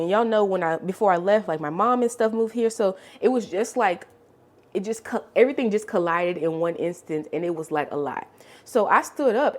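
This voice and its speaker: A woman's voice: mid-range voice, darkish tone. A woman in her late twenties, vlogging and telling an emotional personal story, with many "like" fillers. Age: 20s. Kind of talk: storytime while cleaning.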